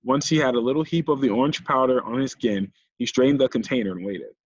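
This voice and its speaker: Husky male audiobook narrator. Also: medium pitch, fairly quick, no echo. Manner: steady storytelling. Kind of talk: audiobook reading. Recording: dull lo-fi recording.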